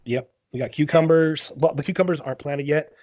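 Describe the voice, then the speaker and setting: A man hosting a casual podcast who talks in quick bursts, restarts often and keeps saying "dude". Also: on the high side, darkish tone, muffled recording. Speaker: podcast host.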